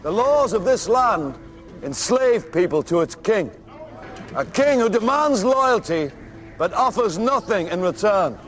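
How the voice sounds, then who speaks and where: An actor playing a middle-aged medieval outlaw leader, giving a slow, declamatory rousing speech in a film. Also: male voice, high voice, very animated, fairly bright tone, exaggerated voice.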